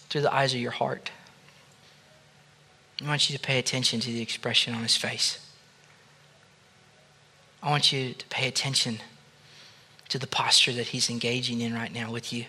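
A man, a pastor, leading a congregation through a slow, gentle guided prayer of forgiveness. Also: medium pitch, husky. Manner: soft, slow prayerful guidance that rises to loud praise.

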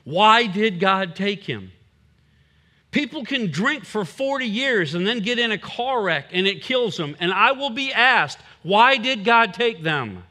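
Male pastor, bright high voice, slow deliberate sermon delivery. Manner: animated, acts out quoted voices.

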